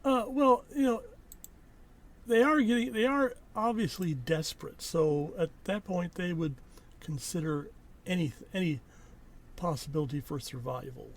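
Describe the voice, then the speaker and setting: A young man chatting on a podcast, adding dry, measured comments and short agreements. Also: sits high, expressive. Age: young adult. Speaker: podcast co-host, the son. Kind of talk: casual chat.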